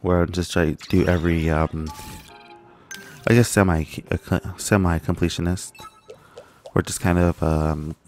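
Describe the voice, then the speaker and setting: A young man quietly commentating his own gameplay, halting and full of fillers, cursing under his breath when stuck. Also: deep voice, level tone. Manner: quiet, halting, muttering with frequent fillers and curses. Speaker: gaming channel host. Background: game music.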